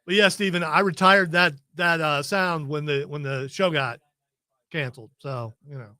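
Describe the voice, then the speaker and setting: Brief: male podcast host, fairly high voice, joking and bossy, dry close sound. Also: steady tone, moderate pace, pushed and bright, no echo. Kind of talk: casual chat.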